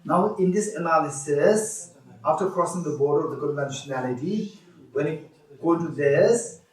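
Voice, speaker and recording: A man's voice: fairly high pitch, moderate pace, distant mic. A man teaching a retreat class in a hall, often checking whether the students follow and repeating his points. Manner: questioning, repeats himself, laughs with students. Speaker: Buddhist teacher. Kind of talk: dharma teaching with questions to students. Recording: echoey hall, voice off-mic.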